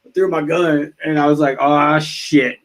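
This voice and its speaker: A man's voice: flat delivery, a little mellow, poor audio. Profane man recounting army mishaps. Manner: heavily profane, laughing, quick retelling with high-pitched quotes. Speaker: podcast guest, army veteran. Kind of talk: casual storytelling chat.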